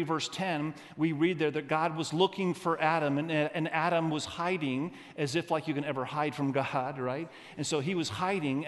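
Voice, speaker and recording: A man preaching to his congregation in a large church, his fairly high voice carrying a long reverb tail through the sanctuary. He talks animatedly, pausing to lead the room in repeating lines back. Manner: animated preaching, leads the congregation in call-and-response. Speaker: pastor. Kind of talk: sermon.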